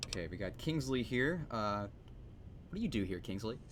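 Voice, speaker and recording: Male streamer, casual gameplay commentary, self-mocking, animated pitch, hissy background noise. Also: normal speed. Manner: rambling, self-mocking, laughs at himself. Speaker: streamer and game mod maker.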